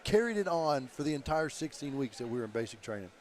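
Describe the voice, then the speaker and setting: A man's voice: medium pitch, very animated, fast, darkish tone. A man co-commentating at an outdoor strongman event, telling stories and laughing often. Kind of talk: casual live commentary.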